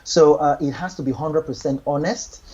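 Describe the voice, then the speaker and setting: Husky, mellow-voiced man giving advice. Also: a little high, moderate pace, muffled recording. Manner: earnest, repeats words, many restarts and "you know". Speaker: guest giving relationship advice. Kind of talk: casual advice chat.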